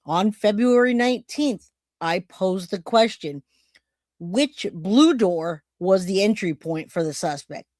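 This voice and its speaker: Chatty livestream host. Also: male voice, high-pitched, expressive, slow, darkish tone, no echo, clean studio sound. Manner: chatty, thanks donors by name. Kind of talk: casual true-crime livestream.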